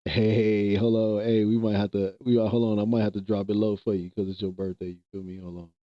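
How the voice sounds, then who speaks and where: Laid-back low-voiced male streamer. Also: level tone, fairly quick, no echo, lo-fi sound. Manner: loose slang-heavy banter, laughs often. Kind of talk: casual live-stream chat.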